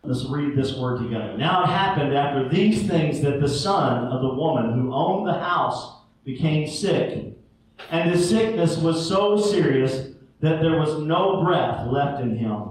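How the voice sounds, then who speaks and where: A man's voice: on the high side, lively intonation, unhurried, a little hiss or hum. A man preaching a sermon as pastor, fervent and calling for responses from the congregation. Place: church sanctuary. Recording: very echoey room, mic far off.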